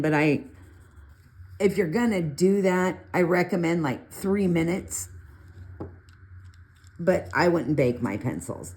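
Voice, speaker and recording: A middle-aged woman casually talking through a colored pencil demo, chatty and rambling with animated asides. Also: on the low side. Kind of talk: casual art tutorial talk.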